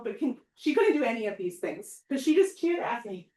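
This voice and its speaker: A woman giving an informal public talk as a professor, chatty and animated, often asking "right?" and acting out quoted voices. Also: on the high side, a little fast. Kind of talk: informal lecture. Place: outdoor event or hall. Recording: echoey, mic far from speaker.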